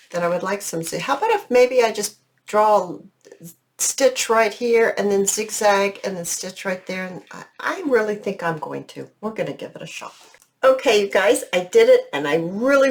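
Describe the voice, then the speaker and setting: A woman hosting a crafting video, thinking aloud in a chatty, unhurried way. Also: mid-range voice, a little hiss or hum. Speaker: crafting channel host. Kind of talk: casual craft tutorial narration.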